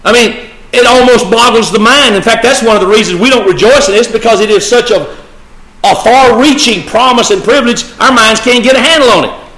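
A man's voice: very high-pitched, fairly quick, fairly bright tone. Emphatic male preacher in an echoey room. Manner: emphatic, repeats key phrases, addresses the congregation directly. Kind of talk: sermon.

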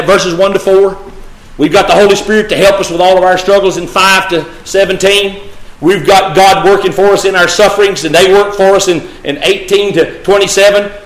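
A man's voice: high-pitched, fairly even intonation, brisk, fairly bright tone. Emphatic male preacher in an echoey room. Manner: emphatic, repeats key phrases, addresses the congregation directly. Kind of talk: sermon.

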